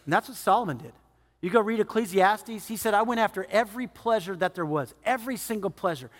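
A male pastor preaching a sermon in a lively, conversational way, acting out quotes in his own voice. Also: high voice, quick pace, in a large hall. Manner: animated, conversational, acts out quotes.

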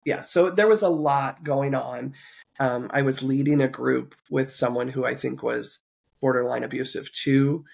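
A woman's voice: very deep voice, fairly even intonation, a little slow, creaky, breathy edge. A woman podcast host being interviewed, earnestly and reflectively recounting a personal story. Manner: earnest, reflective, occasional soft laughs.

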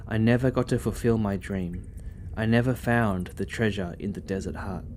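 A man's voice: lowish voice, normal speed, a little mellow, slight background noise, lightly acted. A man doing pleading, foolish Piram. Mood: lamenting. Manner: pleading, lamenting. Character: restless foolish long-bearded young man Piram.

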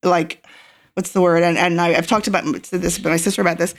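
A middle-aged Irish woman with a lowish voice, speaking as an interview guest. She talks reflectively, circling back with fillers and restarts as she gathers her thoughts. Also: flat delivery, quick pace. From Ireland. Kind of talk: casual conversational interview.

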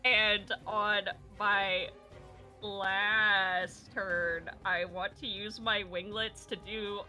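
A woman playing a tabletop game, animated and excitable as she describes her character's moves. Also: medium pitch, very slow, soft background music. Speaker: player.

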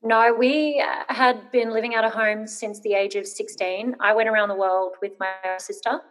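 A woman's voice: on the high side, steady tone, normal speed, fairly bright tone, soft background music. A woman in her thirties, an interview guest telling a personal story, hesitant with many ums and rambling when nervous.

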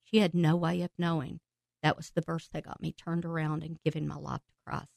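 This woman's deep, gravelly voice moves along fairly quickly as she tells her faith testimony as a podcast guest. The telling is emotional, full of laughter and excited bursts, with no echo in the audio.

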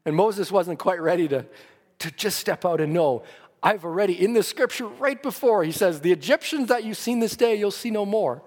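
A man's voice: high-pitched, lively intonation, normal speed, a little mellow, in a large hall. A man preaching a sermon earnestly, his emphasis rising and falling.

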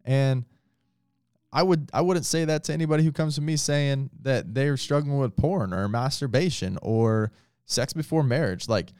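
A man's voice: mid-range voice, normal speed, a little mellow, clean tone, no echo, clean studio sound. A man who is a pastor, talking casually and earnestly with lots of filler words. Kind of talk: casual podcast talk.

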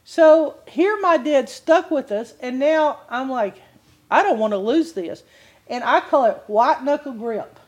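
An older woman teaching from the Bible in a sermon style, weaving a personal testimony into the lesson. She tells it in a lively, animated way, laughing often, in a voice that sits a little above the usual pitch for a woman. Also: unhurried, dull audio. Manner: animated storytelling with frequent laughs.

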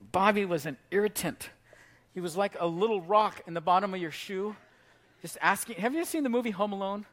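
Animated high-voiced male pastor. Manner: animated storytelling, shouting for emphasis. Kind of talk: sermon.

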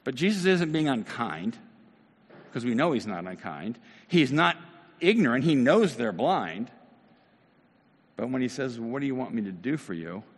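A man's voice: mid-range voice, big pitch swings, moderate pace, long pauses, husky, big-room sound. A man preaching a sermon in an earnest, conversational way, now and then rising into emphatic bursts. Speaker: pastor.

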